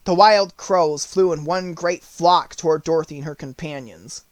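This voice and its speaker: A man reading an audiobook, narrating the story in clear, even tones. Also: fairly high pitch, moderate pace, few pauses.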